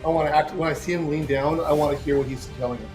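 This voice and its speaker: A man's voice: fairly high pitch, steady tone, fast, over music, rough recording. A man playing in a tabletop game who talks eagerly and repeats his words as he asks what his character can do. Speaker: player. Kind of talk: casual tabletop game play.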